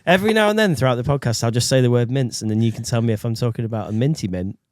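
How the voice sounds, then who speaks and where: A man's voice: mid-range voice, racing, a little hiss or hum. A man hosting a podcast in a small studio, joking and rambling, laughing often. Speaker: podcast host. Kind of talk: casual banter.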